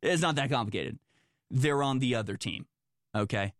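Dude reading headlines and ranting about them, sarcastic, exasperated, mid pitch, dry sound. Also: male voice, animated, moderate pace, no room sound. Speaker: political commentator. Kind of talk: reading news and commenting.

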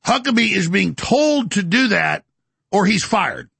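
Gravelly, ranting male show host. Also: high voice, lively intonation, unhurried, fairly bright tone, no room sound. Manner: ranting, boastful, breaks into mocking voices. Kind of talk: heated political monologue.

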